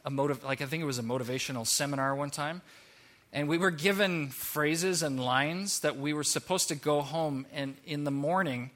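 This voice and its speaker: A male pastor preaching from the pulpit with an animated, lively delivery. His voice is bright and forceful and sits a touch above the usual male pitch. He mixes earnest points with playful mock voices. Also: moderate pace. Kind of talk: sermon.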